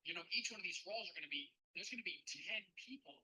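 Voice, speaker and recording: A fund manager teaching a live-streamed webinar in a loose, chatty way, often repeating words and talking to the chat. His voice is very bright and slightly husky. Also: sits high, lively intonation, quick pace, low-quality recording.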